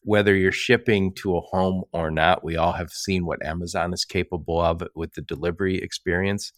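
A male podcast host with a lowish voice talks in a chatty, storytelling way. He acts out quoted back-and-forths and laughs often, recorded dry and close. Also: steady tone, normal speed, dry recording. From Michigan. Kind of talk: casual podcast conversation.

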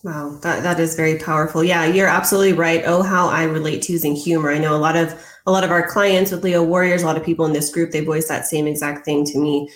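A woman's voice: sits low, steady tone, fast, hardly any pauses. A woman hosting a live-stream interview, speaking as a sympathetic interviewer. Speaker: host. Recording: roomy echo.

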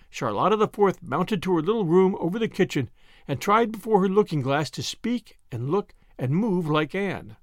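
A man narrating a novel aloud, storytelling in an expressive way. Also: high voice, dry recording, studio quality. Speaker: audiobook narrator. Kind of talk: scripted narration.

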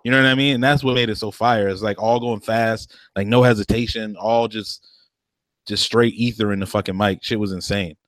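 A man's voice: fairly low pitch, fairly quick, dry recording. Chill guy podcasting, slangy, laughs a lot, dry close mic. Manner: relaxed, slangy, laughs often. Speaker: podcast co-host. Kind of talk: casual chat.

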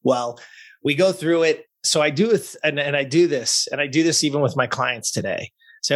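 A man working as a fitness and life coach, telling a story in a podcast interview in a blunt, profane, energetic way. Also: on the high side, normal speed.

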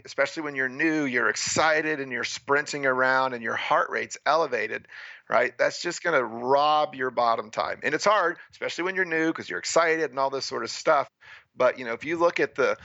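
A man from the United States, a guest telling stories in an animated, chatty way and checking in with "right?" as he goes. His voice is gravelly and forceful, recorded close and dry with no room around it. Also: medium pitch, no room sound, muffled recording. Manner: animated, frequent "right?" and "you know" asides. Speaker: guest, freediving and spearfishing instructor. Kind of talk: casual storytelling interview.

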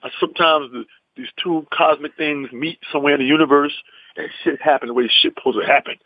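A man's voice: fairly high pitch, fast talker, narrow, tinny audio. A male comedian from the US East Coast telling an anecdote in punchy bursts, often tossing in "man". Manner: animated, punchy, repeats "man". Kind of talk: storytelling anecdote.

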